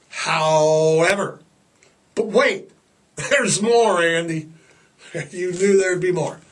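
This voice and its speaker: A man in his sixties hosting a podcast, talking in a rambling, jokey way with heavy sarcasm and drawn-out emphasis. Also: high-pitched, animated, a bit bright, distant mic. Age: 60s. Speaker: podcast host. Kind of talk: rambling casual monologue.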